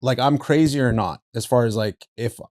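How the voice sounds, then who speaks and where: A man hosting a podcast, telling a story animatedly, acting out quotes with big jumps in pitch and laughing through it. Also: normal speed, darkish tone, no room sound, studio quality. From Southern California. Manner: laughs through his stories, says "bro". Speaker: podcast host. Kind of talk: casual storytelling.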